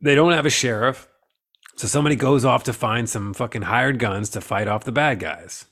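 A man's voice: medium pitch, normal speed, fairly bright tone. A man co-hosting a casual, profane movie-review chat, rambling and joking crudely. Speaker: podcast co-host.

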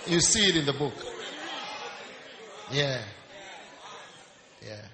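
A man preaching a humorous, animated sermon, swinging between quiet asides and shouts while teasing the congregation. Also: medium pitch, slow, a crowd in the background. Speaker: pastor. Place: church service. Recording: live church with music and a loud congregation.

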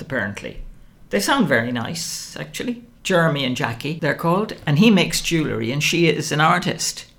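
A woman doing a breezy, chatty hostess. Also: a bass voice.

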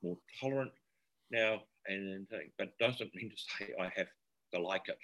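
A New man speaks with a lowish voice that has a forceful, bright edge. He is a podcast guest and former paramedic. He talks in a thoughtful, searching way, feeling for his words as he goes. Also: moderate pace. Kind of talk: casual podcast conversation.

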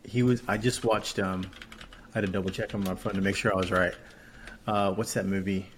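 Low-voiced man chatting, faint hiss. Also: flat delivery, a little fast. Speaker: podcast co-host. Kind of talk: casual chat.

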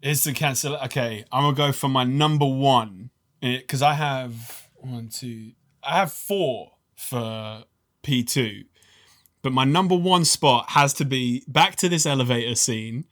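A man co-hosting a casual film review podcast, animated and ranting, swearing freely. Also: mid-range voice, unhurried. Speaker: podcast co-host.

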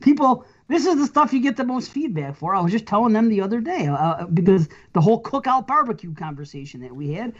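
A woman's voice: medium pitch, sing-song, a little fast, hardly any pauses. A woman hosting a podcast in casual chat, rambling, laughing often and swearing casually. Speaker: podcast host. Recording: muffled lo-fi audio.

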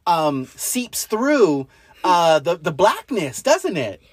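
A man's voice: high-pitched, takes it slowly, slightly rough, dry recording, clean studio sound. A man co-hosting a movie podcast, chatting casually and cracking jokes. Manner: animated and joking, laughs often. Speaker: podcast co-host and father. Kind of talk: casual movie-review chat.

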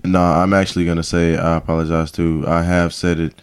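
A young man from Cleveland, Ohio with a very deep voice speaks bluntly and easily, swearing freely. He talks like he is among old friends. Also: little pitch movement, brisk, a little hiss or hum. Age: young adult. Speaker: podcast co-host. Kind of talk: casual chat among friends.

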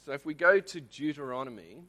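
A man's voice: a little high, brisk, sharp tone. An Australian man giving a conversational Bible teaching in church, often checking in with the congregation. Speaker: lay preacher.

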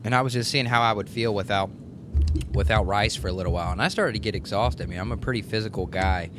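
A lower-voiced man hosts the podcast, throwing out his questions with eager energy. A clear rumbling noise runs under the recording. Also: fast talker. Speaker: host. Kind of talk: casual chat.

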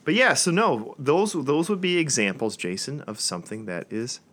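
A man in his thirties co-hosting a casual podcast, upbeat and joking with quick asides. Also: medium pitch, lively intonation, a bit bright. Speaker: podcast co-host. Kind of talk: casual chat.

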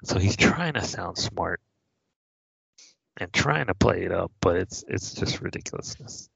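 A man's voice: deep voice, lively intonation, measured pace, gravelly, fairly bright tone, breathy edge, dry recording. A man co-hosting a casual podcast, laid-back and agreeable, explaining a plot in a dull lo-fi recording. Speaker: podcast co-host. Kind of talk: casual film chat. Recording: dull lo-fi sound.

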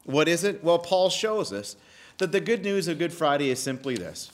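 A man preaching a sermon, emphatic and animated, repeating key phrases with pauses. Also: fairly high pitch. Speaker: pastor.

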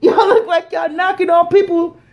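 A woman's voice: very high voice, steady tone, moderate pace, darkish tone. A woman hosting a casual solo podcast, talking in slang, teasing her listeners and laughing often. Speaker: podcast host.

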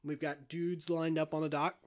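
Guy retelling a movie in a casual chat, slightly high voice, really animated. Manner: animated retelling, quick shifts into character voices and quotes.

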